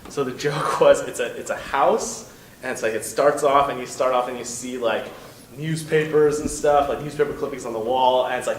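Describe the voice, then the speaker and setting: A man's voice: medium pitch, fairly even intonation, a little fast. A man telling a long story as a panel guest at a convention, rambling with lots of fillers and restarts. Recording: echoey hall from far off, noisy.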